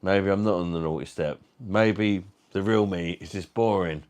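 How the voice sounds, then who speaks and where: A man's voice: sits low, normal speed, a little mellow. A British man hosting a live stream, reading comments and joking about himself while swearing freely. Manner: jokey, self-mocking, swears freely.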